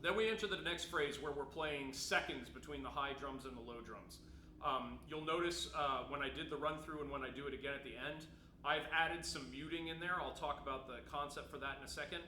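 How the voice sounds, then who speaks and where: Speaking fairly quickly in a bright, forceful, slightly high voice, a percussion teacher demonstrates timpani for his students. He patiently explains his technique and keeps asking "right?" to make sure they follow, with a roomy echo and faint noise around him.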